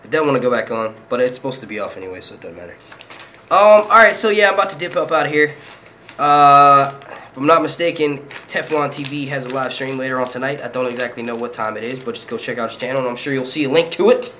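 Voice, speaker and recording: A man's voice: mid-range voice, quick pace, pushed and bright, a little hiss or hum. A young man from Philadelphia, hosting his own channel and chatting casually, profane and rambling, laughing often. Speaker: YouTube channel host. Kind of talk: casual live stream chat.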